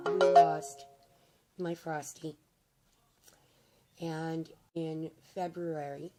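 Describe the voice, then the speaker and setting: An older woman vlogging to camera, hoarse and raspy from losing her voice, talking in a rambling, heartfelt way with hesitant fillers. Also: low-pitched. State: hoarse, nearly lost voice. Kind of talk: casual to-camera chat.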